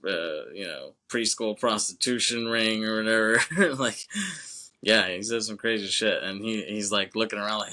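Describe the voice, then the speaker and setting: A man co-hosting a laid-back movie podcast, rambling through his thoughts and peppering them with "you know what I'm saying" and the odd curse. His voice sits a little low but carries a bright, forceful edge. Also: moderate pace. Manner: swears casually. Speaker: podcast co-host. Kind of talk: casual film podcast chat.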